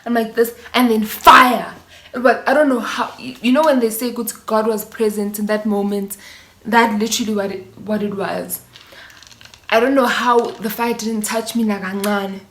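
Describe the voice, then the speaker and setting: A young woman with a South African accent tells a story in a loose, animated way, slipping Zulu words into her English. Her voice sits a little high. The sound has the echo of a bare room. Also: normal speed, slight background noise. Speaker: vlogger. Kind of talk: casual storytime. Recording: echoey room.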